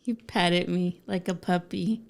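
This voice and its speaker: A woman with a low, gravelly voice co-hosts a casual chat and speaks slowly. She chimes in with short asides aimed at the viewers. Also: steady tone. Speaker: co-host.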